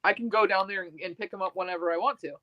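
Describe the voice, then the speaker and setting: A woman on a video call in a casual chat, rambling and halting, full of restarts and fillers. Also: mid-range voice, dry recording, lo-fi sound.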